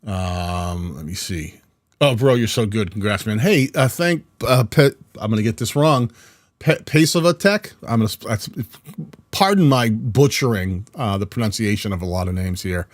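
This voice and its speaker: A man in his fifties with a New England accent chats loosely on a live stream, circling back and restarting his sentences as he reads out comments. His voice sits on the low side. The sound is close and dry, with almost no room behind it. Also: lively intonation, normal speed, dry recording. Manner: chatty and rambling, with frequent restarts. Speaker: video editing channel host. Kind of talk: casual live-stream chat reading comments. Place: home video studio.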